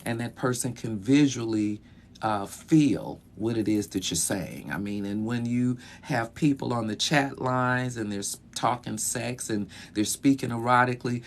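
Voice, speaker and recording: A man speaks at an ordinary, middle pitch in a loose, conversational way, dropping easy fillers as he gives advice as a clinical sexologist. He records from inside a small bedroom closet, with a faint hum of ambience behind him. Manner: relaxed, conversational, many "you know" fillers. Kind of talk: casual advice talk.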